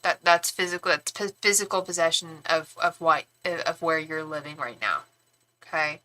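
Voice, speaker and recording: Woman, young adult, tarot reader, very bright tone, rambling, frank, casual swearing, lots of restarts. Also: low-pitched, moderate pace. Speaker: tarot reader and psychic medium. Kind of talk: live-stream tarot reading.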